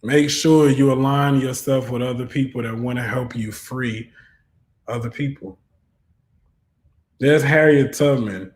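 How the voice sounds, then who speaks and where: A man's voice: mid-range voice, steady tone, a little slow, pauses often. A man giving an online tarot reading who talks in a preachy, fervent way and often rises into exhortation. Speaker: tarot reader. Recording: roomy echo.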